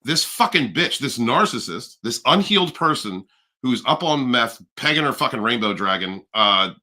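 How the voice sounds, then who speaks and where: A man hosting a casual livestream chat, animated and profane, rambling with restarts. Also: medium pitch, moderate pace. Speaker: livestream host.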